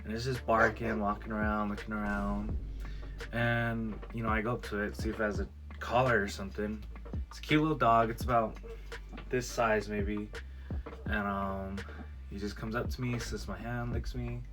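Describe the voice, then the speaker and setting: A man's voice: fairly low pitch, moderate pace, music in the background. A man vlogger telling a personal story in a casual storytime video, acting out what people said. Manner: animated storyteller who acts out quoted lines. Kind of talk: storytime vlog.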